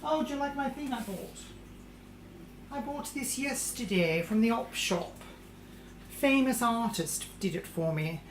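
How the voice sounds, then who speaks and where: A woman's voice: a little high, lively intonation, unhurried, echoey room, slight background noise. A woman playing a vain, posh English lady cooking in a home kitchen, with a put-on English accent. She talks theatrically and calls everyone darling. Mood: boastful. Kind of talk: live-streamed comedy cooking show in character.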